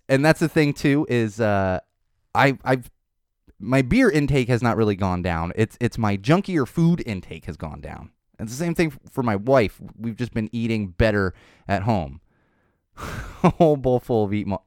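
A man's voice: mid-range voice, a little mellow, dry recording, studio quality. A tired man hosting a podcast, rambling off the cuff with tangents in a casual unscripted monologue. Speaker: podcast host.

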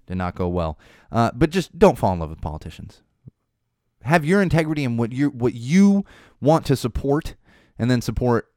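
A young man riffing on his podcast in a smooth, resonant voice. He rambles from topic to topic with a wry, animated manner and drops in casual swearing, recorded close and dry with no room sound. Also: on the low side, no echo. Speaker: podcast host.

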